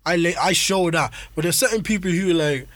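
A Nigerian man living in Ireland, animated and chatty, acting out the voices of people in his stories during a casual talk. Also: a little high, fairly quick, no room sound. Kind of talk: casual storytelling chat.

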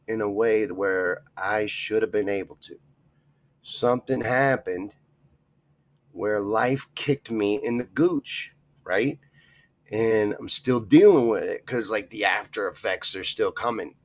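Man, casual solo podcast rant, profane and rambling, lowish voice, dry close sound. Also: dry recording. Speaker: podcast host.

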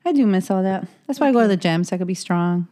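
A woman's voice: medium pitch, animated, fast talker, warm tone. A woman co-hosting a casual podcast chat, teasing her friend and laughing often. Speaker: podcast co-host.

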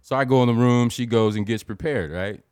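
A man's voice: medium pitch, brisk, darkish tone, clear, resonant tone, no echo, studio quality. A married man telling a rambling, profane story in casual chat, acting out his own reactions as he goes. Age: adult, married.

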